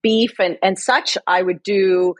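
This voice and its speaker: A woman's voice: medium pitch, fairly even intonation, takes it slowly, no room sound. A woman co-hosting a podcast in casual chat, effusive and chatty, often restarting her sentences. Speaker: podcast co-host.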